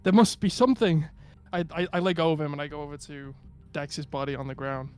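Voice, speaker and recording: A man with a somewhat high voice plays his character at a tabletop game. He hesitates and restarts often, then lets the character's pleading lines rise. Faint music runs underneath. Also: fairly even intonation, fast, smooth. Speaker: player. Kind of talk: in-character tabletop role-play.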